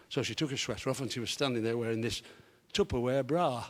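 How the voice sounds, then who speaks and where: A man's voice: medium pitch, fast, hardly any pauses, a little hiss or hum. An older man doing live stand-up on a theatre stage, rambling through jokes with many restarts and putting on voices for the characters. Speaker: stand-up comedian. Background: audience laughter.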